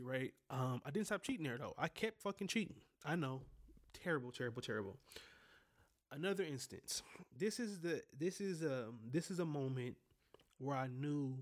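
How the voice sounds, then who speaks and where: Young guy telling wild stories off the cuff, swearing a lot, mid-range voice, talking right to his listeners. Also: medium pitch. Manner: candid, profane, talks straight to listeners. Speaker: podcast host telling personal stories. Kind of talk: casual storytelling monologue.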